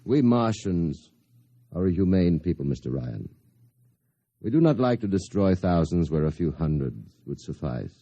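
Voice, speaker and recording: A smug Martian villain with a deep, dark, smooth voice. His delivery is unhurried and condescending, in a dry, close 1950s radio drama. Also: very animated, no echo, lo-fi sound, full character voice. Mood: menacing. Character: suave scheming male Martian invader, smug.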